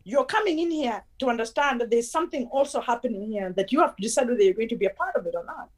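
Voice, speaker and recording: A woman's voice: on the high side, expressive, racing. A woman from Africa with an African accent, a guest in casual conversation who tells stories and acts out the voices she quotes.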